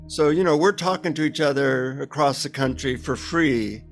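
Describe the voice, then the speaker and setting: A man guest in a casual interview, telling an animated, self-deprecating anecdote over a remote call. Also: on the high side, normal speed, few pauses, soft background music.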